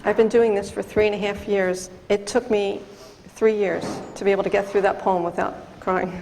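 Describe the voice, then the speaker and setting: Middle-aged woman, mid-pitched, earnest talk to an audience in an echoing hall. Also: flat delivery, moderate pace, gravelly, noisy background. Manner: earnest, talks directly to the audience with questions. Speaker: speaker on drunk-driving prevention. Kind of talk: personal testimony talk to an audience. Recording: long reverb from a large hall.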